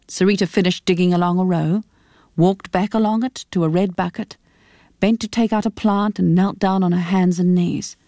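A woman reading a novel aloud on radio in an expressive, animated storytelling manner. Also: medium pitch, no room sound, clean studio sound. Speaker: reader.

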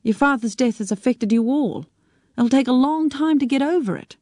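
Woman voicing a calm, composed female friend. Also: high-pitched, normal speed, dry recording, clean studio sound, voice pushed up.

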